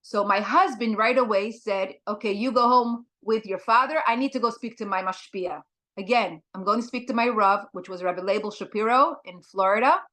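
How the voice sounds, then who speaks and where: A woman giving a talk as a guest speaker, telling a personal story in an earnest, halting way with many fillers. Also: medium pitch, fairly bright tone.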